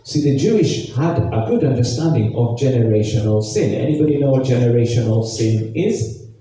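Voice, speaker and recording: Preaching pastor in an echoey hall. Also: male voice, medium pitch. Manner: expressive reading of scripture with emphatic pauses. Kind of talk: sermon. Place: church hall. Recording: echoey church hall, distant mic, faint noise.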